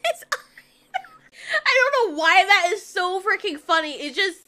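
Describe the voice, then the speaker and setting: A woman casually recapping an animated film, blunt and profane, often breaking into laughter. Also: very high-pitched, moderate pace. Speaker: film reviewer. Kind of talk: casual movie recap commentary.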